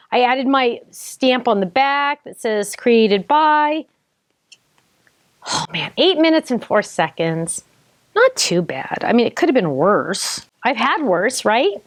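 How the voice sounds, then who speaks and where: A woman demonstrates a card-making project in a casual, thinking-aloud way, calling out to a friend off camera. Her voice sits fairly high and swoops up and down with animated energy. The sound is dry, with no room echo. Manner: chatty and excitable, banters with the person off camera; thinks aloud with small self-corrections. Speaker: craft tutorial host. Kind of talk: casual crafting demo, narrating each step.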